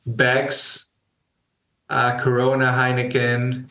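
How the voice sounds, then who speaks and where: Laid-back male co-host, slow and bright, roomy echo. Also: mid-range voice, completely flat delivery. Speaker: podcast co-host. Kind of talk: casual banter.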